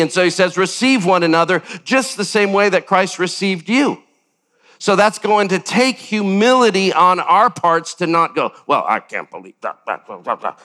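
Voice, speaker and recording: Delivering a sermon, an older man serving as pastor speaks animatedly, acting out quotations and jumping abruptly higher in pitch.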